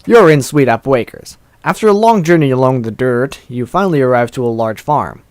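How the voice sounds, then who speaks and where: A man's voice: medium pitch, lively intonation, a little fast, no room sound. A young man hosting a let's play, reading a text game aloud into a close mic, often tripping over words and laughing at himself. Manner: stumbling, self-deprecating.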